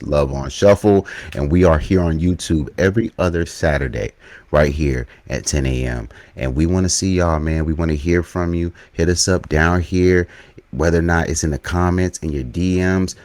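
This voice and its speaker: A man's voice: very deep voice, darkish tone, dry recording. A man hosting a casual podcast, laid-back and saying "man" often as he wraps up the episode. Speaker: podcast host.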